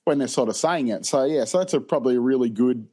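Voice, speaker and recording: A man co-hosting a podcast, chatting casually. His voice sits at an ordinary middle pitch. He wanders through his points with plenty of fillers. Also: fast, slightly rough. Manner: relaxed, rambling, many fillers. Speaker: podcast co-host. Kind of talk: casual chat.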